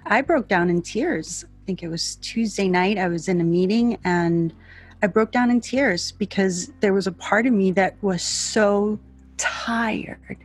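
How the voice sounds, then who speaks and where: A soft-spoken woman speaking in an emotional, open way during a heartfelt panel discussion. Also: medium pitch, a little slow, breathy edge.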